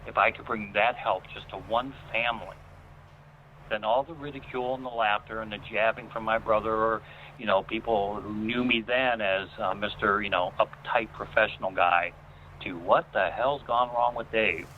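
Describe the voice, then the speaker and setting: A man telling a personal story as a guest, earnest and emotional, with many pauses. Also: on the low side, fairly even intonation, a little hiss or hum. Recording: phone-like line.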